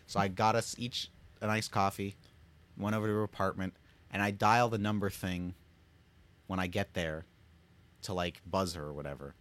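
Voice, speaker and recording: A man's voice: sits low, normal speed, pauses often. A young man co-hosting a casual podcast, telling stories and acting out the quoted lines. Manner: animated storyteller acting out quotes. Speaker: podcast co-host. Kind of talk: casual chat.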